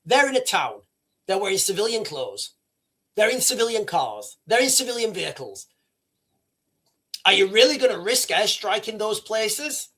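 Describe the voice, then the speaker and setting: Man, live stream host, high lively voice, repeats his points, casual chat to viewers. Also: normal speed, long pauses, slightly rough. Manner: animated, repetitive, addresses chat as guys. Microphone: streaming setup microphone.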